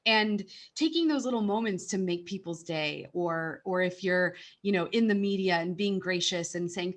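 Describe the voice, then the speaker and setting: A woman's voice: mid-range voice, lively intonation, moderate pace, few pauses. A woman hosting a podcast, speaking in a heartfelt, earnest way in casual conversation. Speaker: podcast host.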